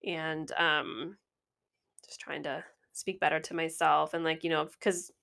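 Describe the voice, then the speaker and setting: A woman's voice: low voice, flat delivery, unhurried, creaky, pushed and bright. A woman in her thirties co-hosting a podcast, chatting frankly and swearing casually as she talks through her parenting. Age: 30s. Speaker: podcast co-host. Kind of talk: casual chat.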